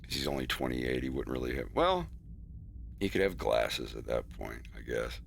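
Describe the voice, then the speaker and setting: A man's voice: extremely low pitch, very animated, moderate pace, gravelly, slight background noise. A man chatting casually on a stream about his cartoon's scenes, rambling, laughing often and acting out his characters' lines. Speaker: animator streaming his work.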